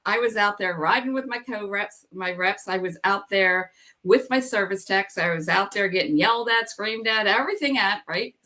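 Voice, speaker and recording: A woman's voice: medium pitch, normal speed, bright, forceful tone. A middle-aged woman telling her own story as an interview guest. She talks candidly, says "like" and "you know" often, and acts out her past thoughts.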